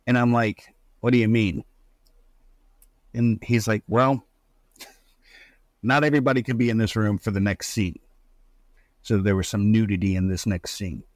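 A middle-aged man casually telling a story about his son, acting out the quotes with big pitch jumps. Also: steady tone, a little slow, long pauses, dry recording.

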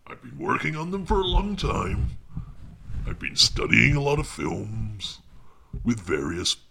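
A man in a deadpan comedy monologue, talking awkwardly and defensively as an audiobook narrator, often dropping into hushed asides. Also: medium pitch, a little slow, creaky, slight background noise.

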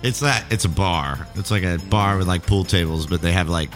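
A man's voice: sits low, a little fast, over music. A man co-hosting a casual podcast chat, laid-back and rambling, full of filler words. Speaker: podcast co-host.

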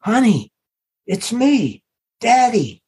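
A man's voice: very high voice, sing-song, very slow, darkish tone, slightly rough, voice pushed up, heavily acted. A man doing a desperate, pleading father. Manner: pleading, breaking, self-reproaching. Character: frantic middle-aged father searching for his lost daughter. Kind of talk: dramatic reading of a novel.

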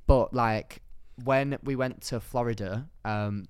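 A young man, co-hosting a casual comedy podcast chat, animated and teasing, getting loud in bursts. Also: mid-range voice, slow, smooth, no echo, studio quality. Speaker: podcast co-host.

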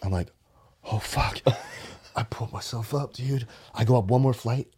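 A man's voice: fairly quick, husky. Guy on a podcast telling a wild story, swears a lot, voice goes way up when he quotes people and down to a whisper. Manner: animated, profane, drops into whispers and high quoting voices. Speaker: podcast guest. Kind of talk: casual storytelling.

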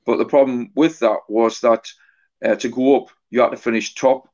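A middle-aged man and author, a guest on a podcast interview, telling stories in a halting, anecdotal way. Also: mid-range voice, steady tone, a little mellow. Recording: dull lo-fi podcast audio.

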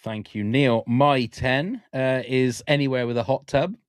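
A man's voice: mid-range voice, measured pace, clear, resonant tone, dry recording. A man hosting a casual podcast chat, enthusiastic and rambling, full of fillers and restarts. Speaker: podcast host.

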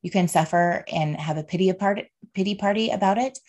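A woman's voice: medium pitch, brisk, a little mellow. Heartfelt woman doing a solo podcast, keeps saying right and okay, very open about faith and feelings. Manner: speaks openly about faith and emotions. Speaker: podcast host. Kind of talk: casual solo podcast monologue.

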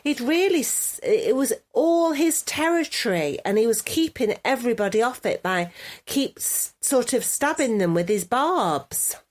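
A woman co-hosting a podcast in a relaxed, rambling way, her voice sitting a little high. She tells her stories at an easy conversational pace and laughs readily. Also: measured pace. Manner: chatty, rambling, laughs easily. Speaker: podcast co-host. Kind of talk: casual chat.

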